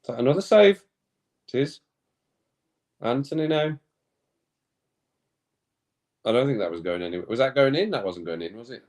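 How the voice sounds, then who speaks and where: A man's voice: medium pitch, expressive, normal speed, pauses often, a little mellow. A man hosting a casual watch-along stream, chatting with viewers and often laughing. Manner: chatty, reads chat comments aloud, laughs often, reacts to play. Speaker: live stream host.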